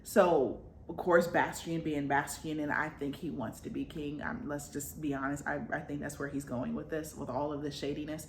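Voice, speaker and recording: A woman's voice: low-pitched, little pitch movement, moderate pace, hardly any pauses, echoey room, background noise. A woman vlogger recapping a book in a chatty, slangy way, full of fillers.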